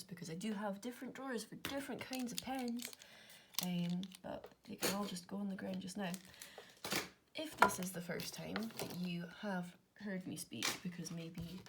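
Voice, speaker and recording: A woman's voice: medium pitch, very noisy. A young Scottish woman with an Inverness accent, working through maths aloud in a casual way and muttering to herself between half-whispered asides. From Scotland. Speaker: maths content creator.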